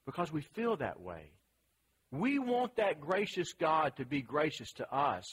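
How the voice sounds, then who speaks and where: A man's voice: on the high side, big pitch swings, unhurried, a bit bright, slightly rough, low-quality recording. A man preaching a sermon in a conversational, emphatic way, asking the listeners questions.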